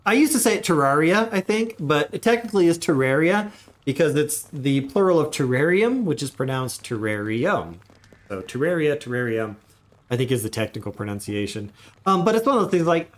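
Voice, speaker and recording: Chatty man streaming a game, lively pitch. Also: a little fast. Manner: chatty, rambling asides while playing. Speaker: gaming streamer. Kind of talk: casual livestream commentary.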